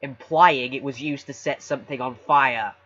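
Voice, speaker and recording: Husky man playing a smug lawyer. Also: mid-range voice, steady tone, normal speed, fairly bright tone, lo-fi sound. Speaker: player. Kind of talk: in-character tabletop play as a lawyer.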